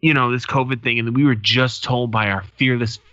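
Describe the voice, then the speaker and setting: A man's voice: medium pitch, steady tone, brisk, sharp tone, dry recording. A man in his thirties co-hosting a casual podcast, telling stories with a lot of swearing and acting out the people in them. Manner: profane storytelling, acts out quoted people. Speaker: podcast co-host. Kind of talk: casual chat. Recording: dull lo-fi sound.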